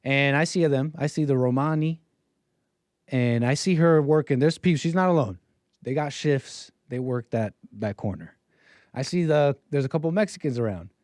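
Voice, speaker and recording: A man's voice: mid-range voice, darkish tone, no echo. Young man, livestream host, casual rambling storytelling, wry, dry close sound. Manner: rambling, wry, puts on voices when quoting people.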